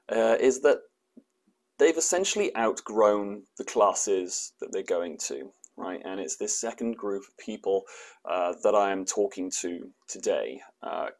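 Male personal trainer hosting a fitness show, slightly low voice, relaxed and conversational. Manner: conversational, frequent uh and um fillers. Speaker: personal trainer, podcast host. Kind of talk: casual explanatory monologue.

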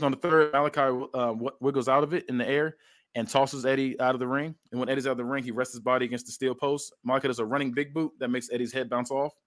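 Dude rambling thru a match recap, lots of uh and like, average pitch. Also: male voice, fairly bright tone. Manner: rambling, heavy with fillers like "uh" and "like". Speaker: podcast host. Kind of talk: casual play-by-play recap.

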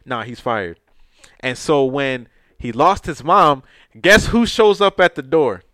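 A man's voice: medium pitch, takes it slowly, no echo, studio quality. A man co-hosting a casual podcast chat, retelling movie scenes with loose, profane street talk and acting out the characters. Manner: animated storyteller who acts out movie scenes. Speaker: podcast co-host.

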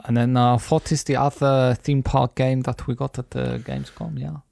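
A man's voice: mid-range voice, steady tone, moderate pace, gravelly, a little mellow, no room sound. A man co-hosting a podcast, chatting casually and rambling upbeat through a list, his filler-laden talk sitting in the middle of the male range. The sound is dry and close, with no room around it. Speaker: podcast co-host.

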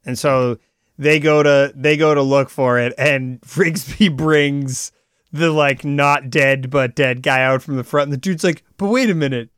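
A man co-hosting a casual podcast, retelling a TV episode in animated bursts and quoting the characters along the way. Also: mid-range voice, measured pace, smooth, no room sound, clean studio sound. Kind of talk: casual plot recap.

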